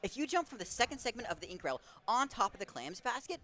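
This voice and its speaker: An excitable, chatty commentator casting a live esports tournament at a gaming venue, quick to laugh. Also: mid-range voice.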